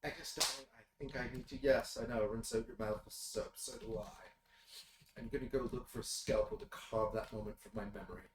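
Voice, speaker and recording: Guy doing a stuck-up old society lady, hushed and prim, lower than his usual, echoey room. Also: fairly even intonation, moderate pace, natural voice. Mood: haughty. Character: snooty older society woman, prim and judgmental. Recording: roomy, distant mic, faint noise.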